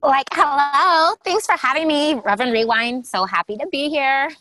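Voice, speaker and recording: A woman's voice: high voice, normal speed, sharp tone, no echo. A woman playing a bubbly 1980s valley girl guest on an improvised comedy podcast, gushing in slang.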